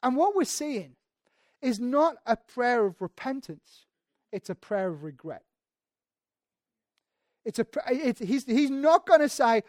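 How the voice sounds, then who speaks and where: A preacher talks through a scripture passage in a loose, conversational way, circling back on phrases and adding asides. Quoted lines come with sudden jumps in loudness, and the mid-pitched voice sits close to the mic in a dry, dead-sounding space. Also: sing-song, measured pace, long pauses, no room sound. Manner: conversational, emphatic, frequent restarts and asides; acts out quoted speech with sudden shifts in volume. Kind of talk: expository sermon.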